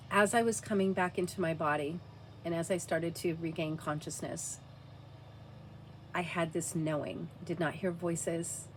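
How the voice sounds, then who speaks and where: A woman telling a personal story to camera, earnest and halting, dropping to a hushed near-whisper at times. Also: fairly low pitch, a little hiss or hum. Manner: earnest, frequent "like" fillers.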